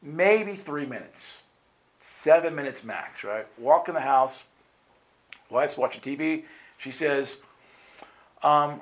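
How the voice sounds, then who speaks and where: At a measured pace, a man with a medium-pitched voice shares a personal testimony while preaching. He keeps it conversational, dramatically performing people's quoted words and frequently asking "right?" in a sermon-storytelling style. The recording quality is low.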